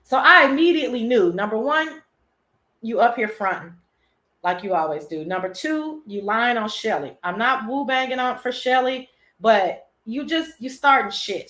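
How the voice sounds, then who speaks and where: A woman's voice: a little high, normal speed. Sassy, profane woman host, echoey room. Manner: animated, profane, sassy recounting. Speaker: show host. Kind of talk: casual gossip storytelling.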